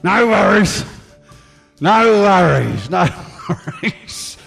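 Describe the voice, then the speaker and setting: Man impersonating a crude Australian bloke, half drunk, gravelly, leering, crooning on a live stage, echoey hall with a band. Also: high voice, very animated, extremely slow, fairly bright tone, faint music behind, exaggerated voice. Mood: boastful, leering. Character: crude boozy middle-aged Aussie bloke, bragging lounge singer. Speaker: comedy impressionist.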